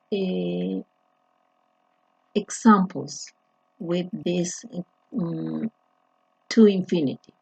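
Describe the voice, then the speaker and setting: A woman teaching an English grammar lesson, talking slowly and deliberately with frequent restarts and fillers. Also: medium pitch, creaky, dark tone, breathy edge, no room sound. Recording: dull lo-fi, dry sound.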